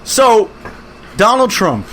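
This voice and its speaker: A man with a Brooklyn accent, a guest on a political talk show, speaking in a fiery, energetic, exhorting way. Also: sits high, slow, slight background noise. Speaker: guest co-host.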